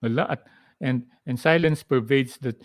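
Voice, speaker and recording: A man's voice: medium pitch, moderate pace, no room sound. A man with a Filipino accent giving a live-streamed biochemistry review lecture, mixing English with Tagalog asides and quizzing viewers with mnemonics. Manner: drills answers with mnemonics and Taglish asides.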